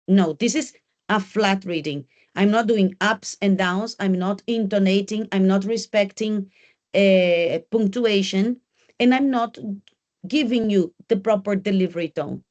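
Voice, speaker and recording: A woman's voice: medium pitch, unhurried, a little mellow. A woman English teacher giving an exam preparation class in a classroom, talking directly and repeating key points as she coaches.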